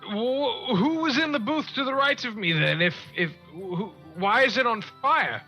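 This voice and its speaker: Male player, fairly bright voice, halting questions; muffled recording with faint music. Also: very high-pitched, lively intonation. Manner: hesitant, restarting questions. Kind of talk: tabletop game play. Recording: muffled stream audio with music.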